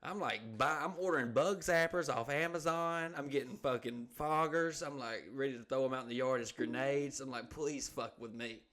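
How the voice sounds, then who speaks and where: A man's voice: mid-range voice, a little fast, few pauses, fairly bright tone. A man co-hosting a podcast who tells crude, rambling stories, swears constantly and acts out the people in them. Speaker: podcast co-host. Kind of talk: crude casual storytelling.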